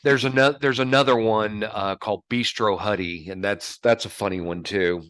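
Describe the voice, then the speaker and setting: A man co-hosting a casual podcast, his low voice carrying a sharp, forceful edge. He rambles and restarts his sentences, often laughing. The sound is dry and close to the mic. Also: fairly even intonation, clear, resonant tone, no echo. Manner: rambling, halting, laughs a lot. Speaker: podcast co-host. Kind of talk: casual chat.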